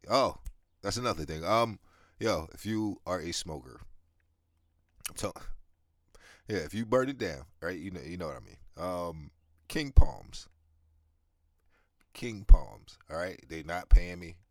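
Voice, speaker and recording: Super deep voiced guy in his 30s rambling on his podcast, swears a lot, smoker cough, dry close sound. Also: lively intonation, normal speed, long pauses, no room sound. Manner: rambling, profane, laid-back, many restarts and fillers. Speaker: podcast host. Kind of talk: casual monologue.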